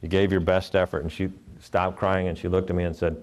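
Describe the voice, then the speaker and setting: A man's voice: sits low, flat delivery, fairly quick, a little mellow. A middle-aged man from Ohio giving a live motivational keynote, telling earnest personal stories and acting out the voices in them. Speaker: motivational speaker.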